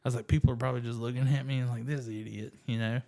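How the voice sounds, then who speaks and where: A man shares his faith story with friends in casual storytelling. His delivery is animated and self-deprecating, and he leans heavily on fillers as he talks. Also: medium pitch, very fast, vocal fry. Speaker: guest sharing testimony.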